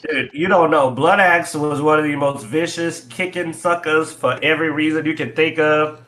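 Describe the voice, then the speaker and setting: A man's voice: a little high, steady tone, moderate pace, fairly bright tone. A man co-hosting a casual livestreamed chat over an online call, telling stories animatedly and laughing often. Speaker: co-host.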